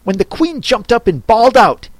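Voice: medium pitch, very animated, normal speed, no room sound, voice pushed up. A reader voicing the Hatter, a fussy grown man who talks in a mournful, sighing way.

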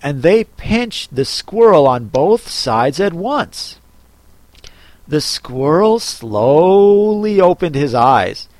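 An audiobook reader narrating a children's storybook in a slow, expressive way. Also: no echo. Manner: slow, expressive reading with lots of pitch movement.

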